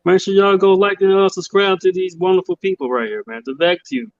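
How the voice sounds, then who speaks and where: A man's voice: high-pitched, expressive, brisk, dull audio. A man joining a livestream from a handheld phone, easygoing in casual chat, greeting the viewers. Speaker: livestream guest. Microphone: phone held in hand.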